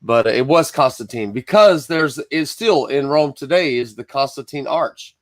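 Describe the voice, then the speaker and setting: A man talks his way into a live-streamed Bible study in a loose, rambling way. He stops to greet viewers by name and drifts into asides. His voice sits in an ordinary middle pitch and sounds dry and close, with no room around it. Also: normal speed, no echo. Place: Michigan.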